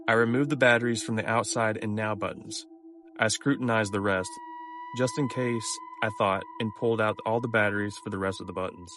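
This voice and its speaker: Low-voiced man narrating scary stories. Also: steady tone, noisy background. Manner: measured, low-key storytelling. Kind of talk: scripted horror story narration. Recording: music clearly behind the voice.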